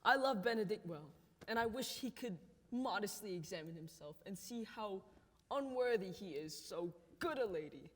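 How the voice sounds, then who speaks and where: A performer playing a noble prince who declaims his lines in a stage play, sometimes rising to a shout. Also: medium pitch, animated, moderate pace, close to an everyday voice. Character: noble prince scheming with friends. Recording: reverberant hall, faint noise.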